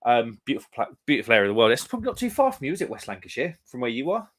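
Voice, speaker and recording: A man's voice: mid-range voice, big pitch swings, very fast, a bit bright. Young english guy rambling on a live stream, says mate and um loads. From England. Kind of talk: casual chat reading out live comments.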